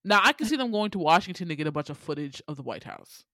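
Woman co-host, casual chat with big pitch swings and salty language, close and dry. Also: fast, no echo. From United States. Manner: animated, swears freely, laughs often. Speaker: podcast co-host.

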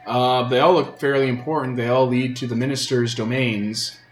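A man's voice: medium pitch, steady tone, moderate pace, slight background noise. A man running a tabletop role-playing game as game master, describing scenes with many fillers. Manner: descriptive, filler-heavy narration. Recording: roomy sound with faint music.

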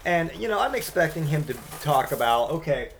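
A man in his thirties talks at length in a loose, rambling monologue. He stumbles over words and restarts his sentences often. His voice sits a little high, with faint noise in the background. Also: very animated, vocal fry. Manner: rambling, halting, many restarts.

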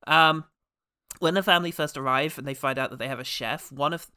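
A man hosting a podcast in casual chat, laughing often and trailing off quietly at the ends of lines. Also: on the high side, brisk, smooth, no room sound, clean studio sound. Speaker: podcast host.

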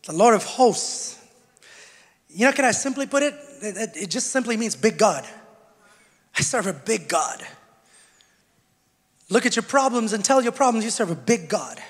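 Male pastor, high voice, preaching in a reverberant sanctuary, shouts and softens by turns, playful with the crowd. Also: lively intonation, moderate pace, pauses often. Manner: swings from shouted preaching to quiet teaching; jokes with the congregation. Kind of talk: sermon. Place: church hall with congregation. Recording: long church hall reverb.

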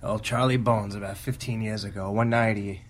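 A man's voice: lowish voice, fairly even intonation, moderate pace, a little hiss or hum, pitched below the performer's own voice, close to an everyday voice. A man putting on a Boston accent to play an old male gravekeeper who tells a grim tale, drawling and chuckling creepily. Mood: creepy storytelling.

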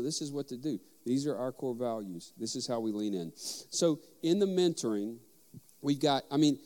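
A man in his thirties or forties preaches about parenting. He tells stories with energy and acts out the dialogue. His mid-pitched voice carries a long reverb from a big hall. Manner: animated storytelling, acting out dialogue. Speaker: pastor. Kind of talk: sermon.

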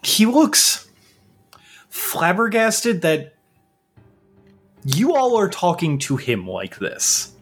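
A man narrating a tabletop role-playing game as game master, animated and halting, often restarting his sentences. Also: sits high, slightly rough, faint music behind.

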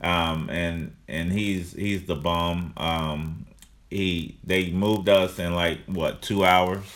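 Man, low and bright voice, lively casual storyteller, acts out quotes. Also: slow. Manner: animated, acts out quotes loudly.

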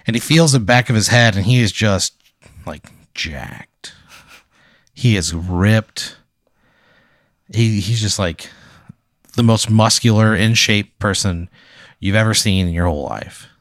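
A man improvises a second-person story for a guest in a loose, rambling way, full of filler words. His voice is fairly low. The recording is dry and close. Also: unhurried, pauses often, dry recording. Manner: casual, rambling, many "like" fillers. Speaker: host narrating a hypothetical.

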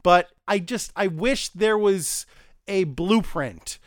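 A man's voice: high voice, animated, slow, no room sound, studio quality. A man hosting a podcast, casually reviewing a TV episode, rambling, chuckling and acting out the characters' lines. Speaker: podcast host.

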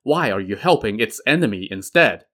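A man's voice: on the low side, lively intonation, normal speed, sharp tone. A man voicing a suspicious outlaw who questions a prince's loyalty. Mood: questioning.

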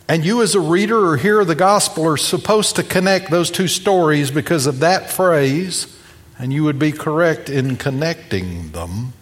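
In a storytelling sermon, this high-voiced male preacher moves at a moderate pace, alternating soft asides with bold outbursts as he plays the people in the story. The long echo of a church sanctuary carries his voice away.

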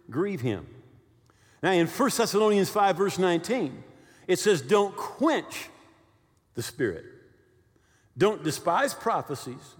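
A man in his sixties preaches in a church hall with a long reverb. His voice sits fairly high and swings up and down as he tells stories and keeps checking in with his listeners. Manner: animated storytelling with many "right?" check-ins. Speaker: pastor. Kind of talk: sermon.

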